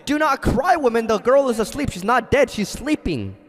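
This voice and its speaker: Gentle compassionate teacher, as a preacher puts him on, unhurried questions, long reverb. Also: male voice, very high-pitched, animated, voice pushed up. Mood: tender.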